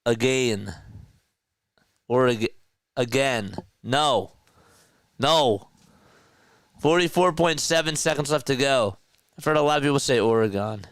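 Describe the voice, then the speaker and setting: A man with a South Jersey accent calling a basketball game as a casual live-stream play-by-play commentator, chatty and quick to correct himself. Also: medium pitch, animated, no room sound, clean studio sound. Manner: chatty, laughs easily, corrects himself mid-call.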